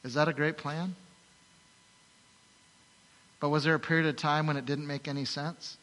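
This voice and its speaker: Bright-voiced preacher telling a story. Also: male voice, a little high, normal speed. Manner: animated storytelling with rhetorical questions. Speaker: pastor. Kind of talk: sermon. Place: large church hall. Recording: long hall reverb.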